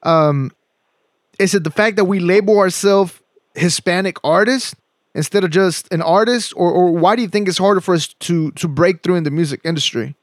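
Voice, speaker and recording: Man, podcast host, high voice, easygoing, agreeable, mixes in Spanish, dry close sound. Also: normal speed, dry recording. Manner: easygoing, agreeing with short "yeah"s; drops Spanish phrases into his talk. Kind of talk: casual interview chat.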